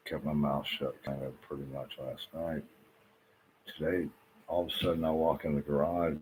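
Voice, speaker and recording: A man's voice: extremely low pitch, darkish tone, slight background noise, rough recording. A man talking straight to his audience in a restless, rambling monologue, repeating himself and swearing often. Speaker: vlogger. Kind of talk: rambling agitated monologue to camera.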